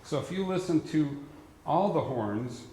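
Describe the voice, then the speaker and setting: A man's voice: fairly high pitch, lively intonation, unhurried, warm tone, a little hiss or hum. A man conducting a band rehearsal, who explains the music patiently and sings rhythms aloud to the players. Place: large rehearsal hall. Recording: roomy hall with faint ambience.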